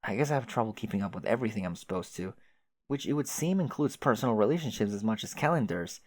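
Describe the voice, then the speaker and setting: A man's voice: lowish voice, animated, fast, darkish tone, no echo. A man voicing a chatty, oblivious young male adventurer who rambles with old-fashioned folksy exclamations. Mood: apologetic.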